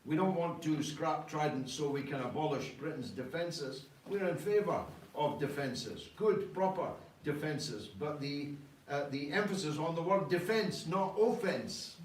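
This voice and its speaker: Male political speaker, slightly raised voice, emphatic rhetoric, recorded from afar with faint noise behind. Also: on the high side. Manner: emphatic, rhetorical, frequent "uh" pauses. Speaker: party leader answering questions. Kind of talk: political talk to an audience. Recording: echoey room, distant mic, faint noise.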